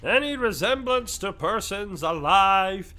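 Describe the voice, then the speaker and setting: A man's voice: high-pitched, animated, slow, sharp tone, voice pushed up, heavily acted. A man voicing a timid, mild sidekick who starts his lines with hesitant ums and uhs. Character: meek timid male sidekick, mild and dim.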